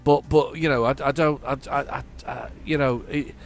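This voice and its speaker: A middle-aged man from northern England with a flat northern accent, chatting casually while playing a driving game, rambling and restarting his sentences. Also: mid-range voice, normal speed, a little hiss or hum. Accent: flat northern English. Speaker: gaming channel host. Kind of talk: casual let's-play commentary.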